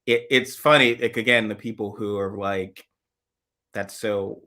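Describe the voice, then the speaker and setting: Low-voiced man with a bright edge. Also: fairly even intonation, unhurried. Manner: rambling, restarts, trails off quietly. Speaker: co-host. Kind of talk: casual political chat.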